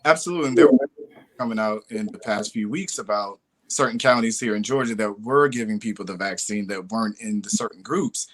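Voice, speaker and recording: A man hosting a live panel discussion, candid and conversational, with lively emphasis. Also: fairly low pitch, fairly quick. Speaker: host.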